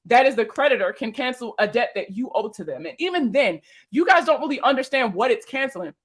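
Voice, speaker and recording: A young woman, a finance creator, reacting to viewer comments in casual talk, blunt and exasperated, swearing and firing off rhetorical questions. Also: on the high side.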